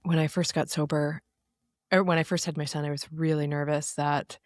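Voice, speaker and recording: A woman's voice: sits low, level tone, normal speed, dry recording, clean studio sound. A woman in her thirties, a guest in an interview, telling personal stories in an earnest, reflective way. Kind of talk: candid interview conversation.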